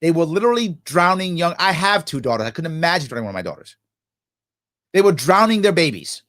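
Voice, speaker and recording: A man's voice: on the high side, very animated, quick pace, fairly bright tone. A middle-aged man hosting a live question-and-answer stream, reading viewer questions aloud and answering them with passion. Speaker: host. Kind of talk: live Q&A livestream.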